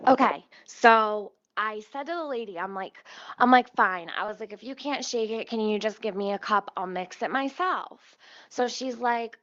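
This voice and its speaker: A woman at home telling a casual storytime, profane, rambling and animated. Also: a little high, normal speed, no echo, lo-fi sound. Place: at home near her kitchen stove.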